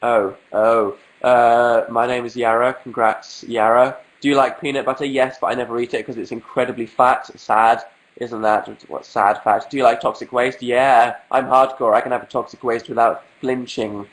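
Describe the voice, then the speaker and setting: A man's voice: medium pitch, steady tone, moderate pace, low-quality recording. A young man from England with a cold, sniffling as he hosts a casual livestream, answering viewer questions in a dry, self-mocking way.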